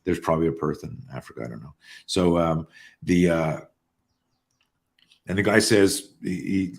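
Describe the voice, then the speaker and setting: A man's voice: sits low, moderate pace, creaky. A man in his sixties, a podcast guest, telling stories in a casual chat, often restarting his words and livening up when he quotes people. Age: 60s. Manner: repeats words on restarts, animated when quoting others. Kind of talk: casual storytelling.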